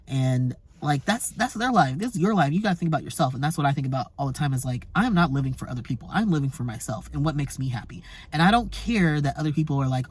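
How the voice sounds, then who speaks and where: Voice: medium pitch, animated, fast. A travel vlogger, talking casually and emphatically to camera, swearing now and then and breaking into short laughs between points.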